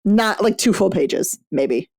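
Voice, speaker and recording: A woman's voice: mid-range voice, expressive, slow, gravelly, darkish tone, slightly rough. A woman hosting a book club podcast, chatting casually in a blunt, profane way. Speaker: podcast host.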